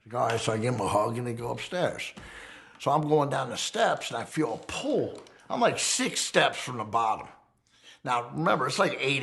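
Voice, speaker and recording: A man's voice: medium pitch, gravelly, a bit bright. A man telling a wild story from his past in casual, profane street talk, often checking in with "right?". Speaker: documentary interviewee. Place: fireside.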